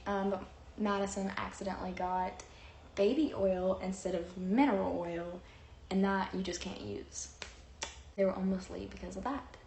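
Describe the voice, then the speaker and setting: A young woman sits and tells a personal story to the camera in a loose, rambling way, full of fillers and quoted lines. Her pitch sits in a middle range. The room adds a noticeable echo, with a faint hiss of noise behind her. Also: moderate pace, creaky. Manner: rambling, animated, with many fillers and acted-out quotes. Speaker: vlogger. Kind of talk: chatty storytelling.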